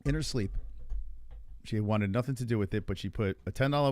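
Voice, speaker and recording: Recorded dry, a podcast host with a fairly low male voice speaks fairly quickly. His storytelling is casual and rambling, full of animation and free swearing.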